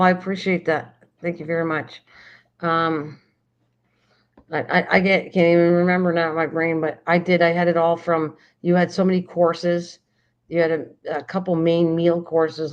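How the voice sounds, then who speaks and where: An older woman hosts a casual late-night livestream chat, her fairly low voice steady at a normal speed. She rambles and keeps restarting sentences as she hunts for words. The stream audio is dull and lo-fi.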